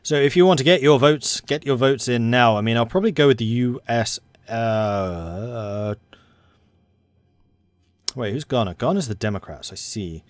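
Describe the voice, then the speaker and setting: An excitable young Englishman rambling through commentary on a strategy game he is playing. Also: medium pitch, normal speed, no echo. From England. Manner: excitable and rambling, self-described hyper. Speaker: let's play host. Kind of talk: gaming commentary.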